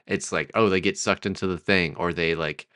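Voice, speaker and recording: Easygoing male co-host, low-pitched, halting filler-heavy delivery, dry mic. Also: fairly even intonation, pushed and bright, smooth, dry recording. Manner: hesitant, many fillers, easygoing. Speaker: podcast co-host. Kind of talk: casual chat, pitching story ideas.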